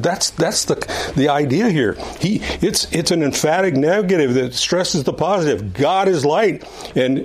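A man leads an adult Bible class in a measured, mid-pitched voice. He explains each passage patiently and circles back to repeat his main points for emphasis. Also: slight background noise. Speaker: Sunday school teacher.

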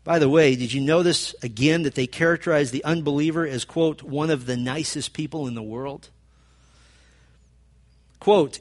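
A man's voice: on the high side, moderate pace. A man preaching a sermon in an earnest manner, building to fervent emphasis. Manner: earnest, rising to fervent emphasis when quoting. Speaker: pastor.

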